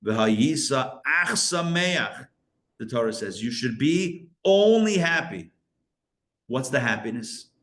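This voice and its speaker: A male rabbi teaching a live Kabbalah class, animated, asking rhetorical questions and breaking off his own sentences. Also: medium pitch, slow.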